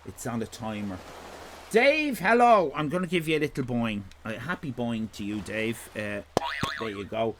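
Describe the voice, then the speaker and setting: A man's voice: on the low side, normal speed, noisy background. An Irish man hosting a live stream in casual chat, rambling from one tangent to the next with jokes and swearing. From Ireland. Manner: rambling, digressive, sweary, jokey.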